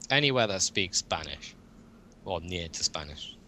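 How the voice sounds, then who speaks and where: A man's voice: sits low, lively intonation, a little slow, pushed and bright, slight background noise. Rambling, jokey young man. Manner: rambling, jokey, laughs often. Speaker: podcast host. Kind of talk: casual chat.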